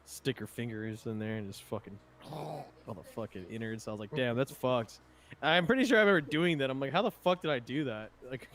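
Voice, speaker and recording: A man's voice: medium pitch, lively intonation, brisk, a bit bright. A young man telling rambling, profane stories in a casual chat among friends. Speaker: podcast co-host.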